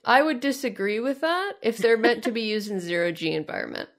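A woman's voice: on the high side, lively intonation. A woman co-hosting a podcast, joking wryly and explaining things in casual chat. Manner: wry, joking, quick to laugh. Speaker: podcast co-host.

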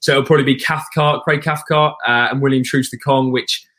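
A man's voice: mid-range voice, fairly even intonation, brisk, a bit bright. Rambling man talking football as a fan guest. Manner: long-winded, frequent restarts and throat clearing. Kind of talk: casual podcast chat.

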